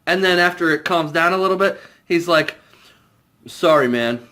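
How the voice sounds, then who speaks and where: A man's voice: high voice, level tone, brisk, sharp tone. A young man giving a comedic spoiler review of a film, incredulous and mocking, often breaking into laughter. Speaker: movie reviewer.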